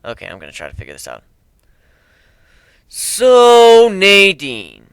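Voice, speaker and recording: A man's voice: very deep voice, rapid-fire, vocal fry, a bit bright, dry recording. A man reading a story aloud in the first person, brash and crude with a casual swagger. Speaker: amateur reader.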